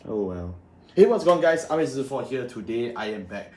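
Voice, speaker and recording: A man's voice: medium pitch, very animated, brisk, darkish tone. A man hosting a card game channel, ranting in a sarcastic, exasperated way about a new ban list. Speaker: card game content creator. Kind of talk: ranting deck commentary to camera. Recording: echoey room with faint ambience.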